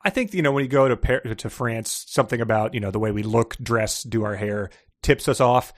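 A man's voice: mid-range voice, brisk, no echo, studio quality. A man co-hosting a podcast, chatting casually and sarcastically about a book. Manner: sarcastic, laughs often. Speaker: podcast co-host. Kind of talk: casual book-discussion chat.

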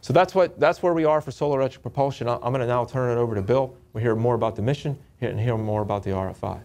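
A man giving a technical presentation to an audience, often restarting and repeating words in a halting, upbeat way. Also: mid-range voice, a little mellow.

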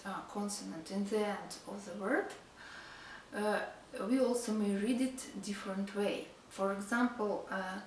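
A Russian-accented woman gives a relaxed spoken language lesson. She talks very slowly and pauses often to find her words. Her voice sits back from the mic in a room with a faint hum. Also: medium pitch, roomy sound, recorded from a distance, poor audio. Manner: hesitant, many fillers, slow and explaining. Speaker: language teacher.

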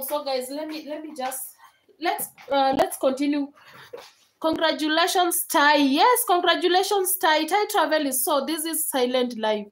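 On a poor-quality recording with slight background noise, a young Kenyan livestreamer talks at a normal pace in a high voice. She keeps things casual with her viewers, laughing often and drifting between Swahili and English.

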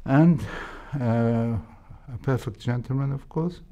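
In a reflective interview, an older Egyptian-accented heart surgeon, a native Arabic speaker, looks back on his training. He speaks in a measured way and hesitates frequently, with a mid-range voice and a dark tone.

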